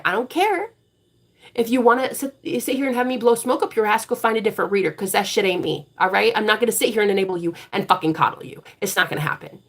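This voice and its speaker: A woman hosting a live tarot stream in a casual, unfiltered way. She swears freely, speaks bluntly and turns preachy and insistent when she wants a point to land. Her voice sits at an ordinary middle pitch for a woman. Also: expressive, fast talker, vocal fry, slightly rough. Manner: blunt, profane and emphatic; preachy and forceful when driving a point home.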